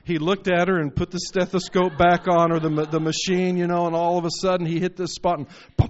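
Preacher, male, somewhat high-pitched, building to fervent peaks, heard through a muffled, lo-fi recording. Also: little pitch movement, brisk, hardly any pauses. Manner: storytelling with rising, emphatic bursts. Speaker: pastor. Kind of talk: sermon.

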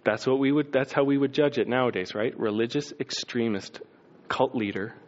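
A man preaching a sermon as a pastor, telling the story with lively acted-out scenes and sound effects. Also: mid-range voice, normal speed, dull audio, slight background noise.

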